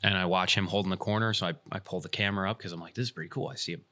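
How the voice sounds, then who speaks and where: A man's voice: deep voice, racing. A man hosting a casual podcast, telling a story and acting out the lines of the people in it. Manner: animated retelling, acts out quoted dialogue. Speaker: podcast host and field referee.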